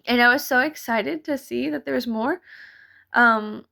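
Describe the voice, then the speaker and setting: A young woman talks over her own footage in a loose, rambling way, dropping casual swears and little laughs. Her voice sits a bit high, with a gravelly, fried edge on it. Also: measured pace, bright, forceful tone. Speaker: vlogger. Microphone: voice-over mic.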